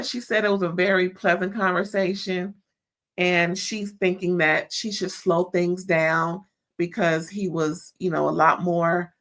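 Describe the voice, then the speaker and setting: Woman w/ aave gossiping thru a reality show recap, animated, lots of drawn out "girl" and "mm-mm". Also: on the low side. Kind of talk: casual chat recap.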